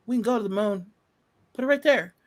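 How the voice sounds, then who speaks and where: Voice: mid-range voice, brisk. A podcast host ranting casually about a movie, profane, sarcastic and exasperated, rambling with fillers. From United States.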